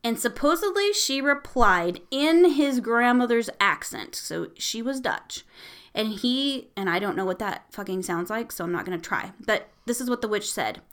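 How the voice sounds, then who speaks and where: A woman's voice: on the high side, expressive, moderate pace, fairly bright tone. Lady podcaster retelling a ghost story, swears a lot, chatty and irreverent. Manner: irreverent, swears freely, laughs often. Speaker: podcast host. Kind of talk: casual storytelling about a haunting.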